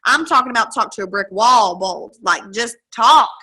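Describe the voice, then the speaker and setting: A woman's voice: fairly high pitch, expressive, normal speed, bright, forceful tone, breathy edge, poor audio. A woman, giving an emphatic, chatty coaching talk to her sales team over a video call. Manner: emphatic, chatty, acts out quoted dialogue. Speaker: direct-sales team leader.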